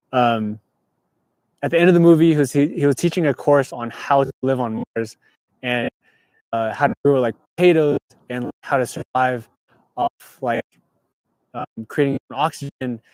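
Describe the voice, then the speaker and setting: A young man from California hosts a relaxed livestream from inside his parked car and talks back to viewers' comments as they come in. His voice sits at an ordinary middle pitch for a man. It is picked up by a clip-on mic with a close, dry sound and no room echo. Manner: laid-back, reading viewer comments aloud. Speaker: livestream host. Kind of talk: casual livestream chat.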